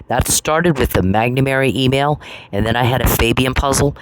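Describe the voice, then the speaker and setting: A man's voice: mid-range voice, moderate pace. A man delivering an angry solo monologue, confrontational and profane, repeating phrases for emphasis. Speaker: channel host. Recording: noisy recording with clicks.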